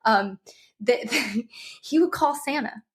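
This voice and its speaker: Higher-voiced woman podcast guest. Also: expressive, slow pace. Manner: laughing, agreeable, chiming in. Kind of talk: casual podcast chat.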